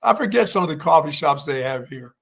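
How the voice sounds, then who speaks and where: A man's voice: on the high side, animated, fairly quick, gravelly, a bit bright. A man co-hosting a sports talk show, chatting casually in a rambling, folksy way that often repeats itself. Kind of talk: casual sports radio chat.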